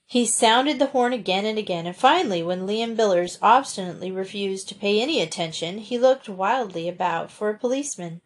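Brief: female storybook narrator, mid-pitched, steady expressive reading. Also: brisk, few pauses. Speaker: audiobook narrator.

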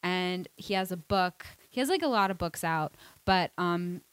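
A woman's voice: on the low side, moderate pace, clean tone, no room sound. A young woman in casual chat, chatty and trailing off mid-sentence.

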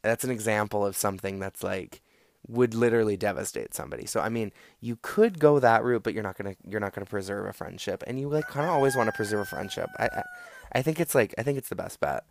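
A man's voice: fairly low pitch, fast talker, gravelly. A man hosting a casual solo talk show, giving advice in a rambling, sarcastic way with lots of fillers and restarts. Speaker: podcast host.

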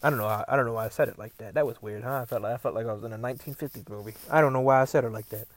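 A vlogger rambles sarcastically to the camera from a parked car, stammering, repeating himself and swearing a lot. His voice is medium-pitched and very fast, with no room sound.

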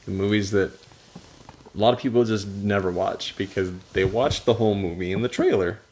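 Laughing young man, low voice. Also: moderate pace. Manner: animated storyteller, laughs often. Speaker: podcast co-host. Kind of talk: casual chat.

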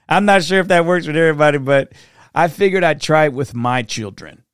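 A middle-aged man hosting a reflective solo podcast, talking earnestly in a storytelling way that turns soft-spoken at times. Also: on the high side, moderate pace, smooth, no echo, studio quality. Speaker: podcast host.

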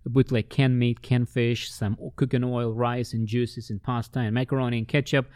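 A man telling ministry stories in an interview, with lively storytelling that acts out the voices of the people he met. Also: normal speed, smooth, no echo, clean studio sound. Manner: animated, acts out quoted voices with big pitch jumps. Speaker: ministry worker.

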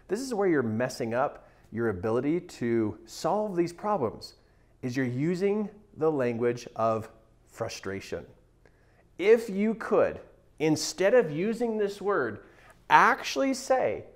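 Male mindset coach, slightly high voice, very lively pitch, emphatic teaching delivery. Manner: animated, emphatic teaching with acted-out quotes. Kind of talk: motivational talk at a whiteboard.

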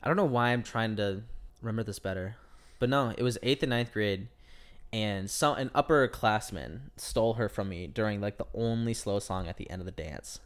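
A man's voice: lowish voice, normal speed, clean tone. A young man telling a long personal story in casual chat, heavy on filler words, acting out what people said. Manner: rambling, lots of "like" fillers, acts out quotes.

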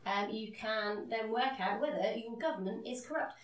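Woman, podcast co-host, casual chat, deadpan sarcasm, echoey room. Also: a little high, normal speed. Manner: dry, sarcastic.

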